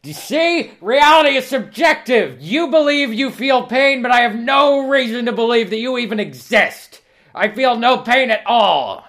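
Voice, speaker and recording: A man's voice: extremely high pitch, animated, moderate pace, a bit bright, pitched above the performer's own voice. A man voicing a sadistic male interrogator who screeches in fury. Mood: unhinged rage.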